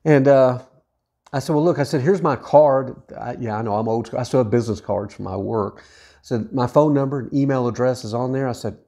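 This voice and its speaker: Earnest man with a mellow voice. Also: mid-range voice, a little fast. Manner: earnest, repeats "I said", many restarts. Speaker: widowed vlogger. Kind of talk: personal storytelling.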